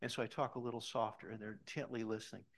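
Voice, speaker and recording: A middle-aged man preaching a sermon, telling a story in an animated way and dropping to soft emphasis on key points. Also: fairly low pitch, racing, vocal fry. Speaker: pastor.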